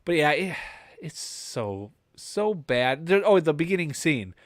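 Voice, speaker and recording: A man's voice: fairly high pitch, sing-song, a little slow, dry recording, clean studio sound. A young adult man co-hosting a podcast, chatting casually and rambling with enthusiasm about movies. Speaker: podcast co-host.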